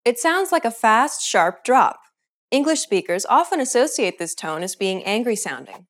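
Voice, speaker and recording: A woman narrating a scripted language lesson in a clear, measured instructional way. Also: a little high, sing-song. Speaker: language teacher.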